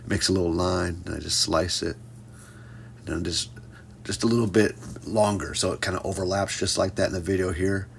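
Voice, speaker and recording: A man's voice: low voice, fairly even intonation, fairly quick, creaky. Man, pottery teacher, casual demonstration, playful asides, faint hum behind. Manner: playful, jokey asides addressed to "folks".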